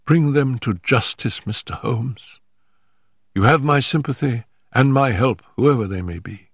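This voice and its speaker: A man's voice: mid-range voice, a little slow, slightly rough, no room sound, clean studio sound, voice pushed up. An older man voicing a composed, strong-willed young woman in a story reading, speaking firmly with a slightly raised voice.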